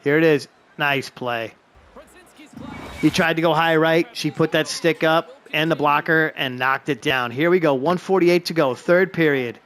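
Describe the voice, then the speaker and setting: A man giving excited play-by-play of a hockey video game he is playing, openly rooting for his team. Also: fairly high pitch, a little slow.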